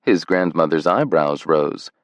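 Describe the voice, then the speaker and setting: A man reading a romance audiobook in a measured, tender scripted narration. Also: extremely low pitch, no echo.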